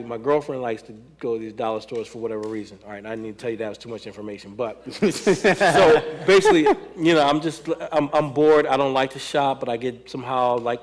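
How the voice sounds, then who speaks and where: An American man who choreographs hip hop dance tells stories in a loose, animated way, acting out quotes and laughing often. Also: mid-range voice. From United States. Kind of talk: conversational panel talk.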